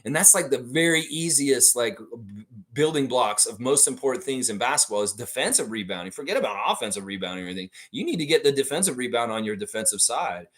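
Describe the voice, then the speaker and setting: A man's voice: medium pitch, lively intonation, fast, a bit bright. A man hosting a casual livestream, reacting to a game and reading viewer chat aloud in a goofy, blunt, ranting way.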